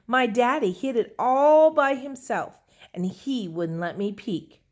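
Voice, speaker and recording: A woman's voice: fairly high pitch, expressive, slow pace, pitched above the performer's own voice. Woman doing a spoiled rich little girl. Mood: pleading. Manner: whiny, showing off.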